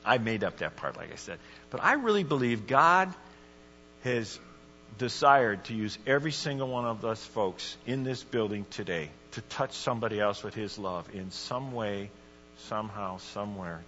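Male preacher, lively and informal, sharp bright tone; lo-fi church recording. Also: mid-range voice, slight background noise. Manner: casual, excitable preaching with bursts of shouting. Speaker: guest preacher. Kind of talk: sermon. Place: church sanctuary. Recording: dull lo-fi recording in a reverberant church.

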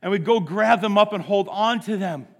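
A man preaching a sermon as pastor, impassioned, swinging from hushed to loud. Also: high-pitched, normal speed. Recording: long reverb of a large hall.

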